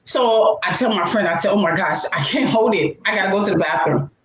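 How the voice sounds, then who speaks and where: A woman's voice: a little fast, roomy sound, a little hiss or hum, poor audio. A woman telling a funny, embarrassing story in a casual chat, with big swoops in her voice. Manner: animated, laughing storyteller with swooping pitch. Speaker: co-host.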